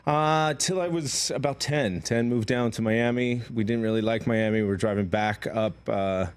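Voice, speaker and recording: A man's voice: mid-range voice, moderate pace, clean tone. A man from Queens, raised in Georgia, chatting loosely as an actor guest, rambling with lots of fillers and easy laughs. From Queens, New York; raised in Georgia. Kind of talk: casual interview chat.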